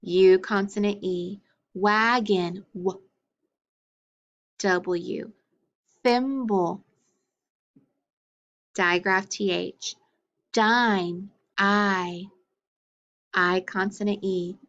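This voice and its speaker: A woman's voice: medium pitch, fairly even intonation, extremely slow, long pauses, a bit bright, dull audio. A woman teaching a phonics lesson to children, drilling letters and sounds with patient encouragement.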